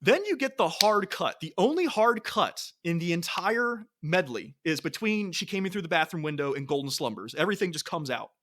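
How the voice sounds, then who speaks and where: A man's voice: high-pitched, very animated, moderate pace, hardly any pauses, fairly bright tone. A man co-hosting a music podcast in casual chat, enthusiastic, singing and beatboxing bits of songs as he talks. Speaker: podcast co-host.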